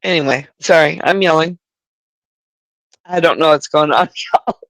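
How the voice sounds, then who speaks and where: A woman's voice: deep voice, normal speed, a bit bright, no room sound, rough recording. A woman hosting a casual livestream, talking in a profane, rambling way. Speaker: livestream host.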